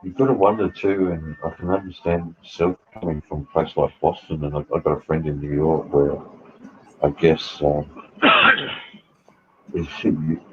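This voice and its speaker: A man's voice: very deep voice, fairly even intonation, a little slow, highs cut off. A man, chatting casually and rambling with hesitant fillers. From Australia. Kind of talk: casual chat.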